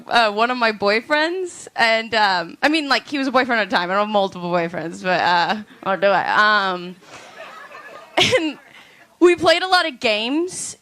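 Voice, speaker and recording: A woman doing a stand-up comedy set on a club stage, with deadpan, drawn-out punchlines. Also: fairly high pitch.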